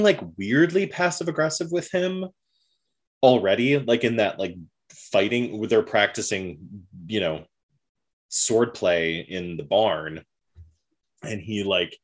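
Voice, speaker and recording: Casual male co-host, lowish voice, animated storyteller who slips into characters' voices. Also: takes it slowly, pauses often. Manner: animated storyteller, many fillers, acts out characters' lines. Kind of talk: casual chat recapping a period drama.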